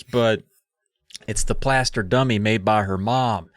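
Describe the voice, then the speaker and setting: A man's voice: medium pitch, unhurried, dry recording, studio quality. A man co-hosting a podcast, recapping a book in a rambling, sarcastic way. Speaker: podcast co-host. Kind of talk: casual comedic book recap.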